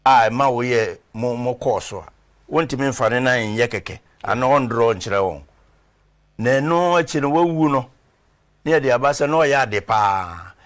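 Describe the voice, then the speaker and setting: The former footballer turned reverend talks at normal speed, his medium-pitched voice carrying lively intonation. As a guest in a conversational interview, he meanders through stories and halts to recall names.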